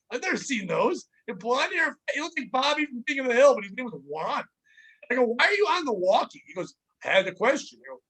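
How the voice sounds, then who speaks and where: Man, very high voice, bright tone, rambling storyteller, casual podcast chat. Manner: rambling storyteller, animated retellings. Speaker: podcast host.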